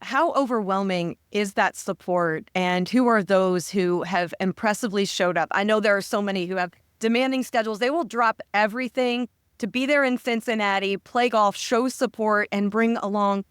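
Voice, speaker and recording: Smooth-voiced woman interviewer. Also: medium pitch, steady tone, normal speed, no echo, studio quality. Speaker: interview host. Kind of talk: conversational interview.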